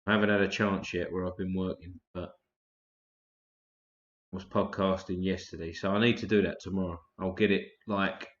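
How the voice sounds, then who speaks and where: A man's voice: deep voice, little pitch movement, normal speed. A man hosting a casual live stream, chatting loosely and swearing freely while tired and yawning. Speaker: livestream host. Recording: roomy, dull lo-fi stream audio.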